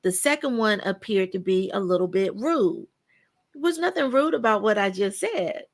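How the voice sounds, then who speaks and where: A woman's voice: mid-range voice, normal speed. A woman guest on a podcast, chatting casually and emphatically and acting out the people she quotes in her stories. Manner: animated storyteller who acts out quoted dialogue; emphatic, repeats words for stress.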